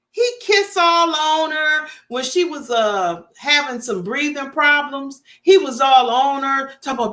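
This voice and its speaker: Animated woman telling stories with big swoops. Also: high-pitched, takes it slowly. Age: 50s. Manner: animated storytelling, laughing, dramatic swoops. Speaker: vlogger. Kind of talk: casual live-stream chat.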